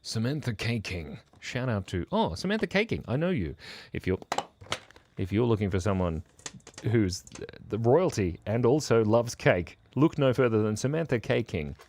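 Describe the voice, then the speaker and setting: A low-voiced man hosts a live drawing stream, playful and quick to heap praise on each line he draws. His voice swings up and down a lot as he talks. A faint hiss sits under the voice. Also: very animated, darkish tone. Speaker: drawing livestream host.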